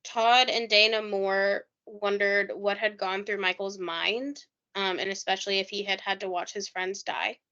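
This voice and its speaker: A woman's voice: medium pitch, little pitch movement, a little slow, hardly any pauses, bright, forceful tone, muffled recording. A woman co-hosting a casual true-crime podcast, chatting loosely with lots of "like" and reading quotes aloud. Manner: chatty, heavy use of "like", reads quotes aloud. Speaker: podcast co-host.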